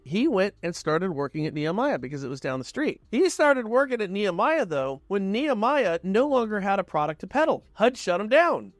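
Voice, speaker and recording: A man with a fairly high voice tells a long story straight to the listener, casual and lively, playing out both sides of the conversations as he goes. The sound is dry and close, with no room around it. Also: dry recording. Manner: conversational, animated retelling with quoted dialogue. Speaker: real estate show host.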